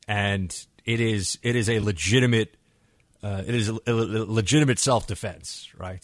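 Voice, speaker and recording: A man hosting a talk radio show, telling stories in an animated, conversational way into a studio microphone. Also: on the low side, dry recording.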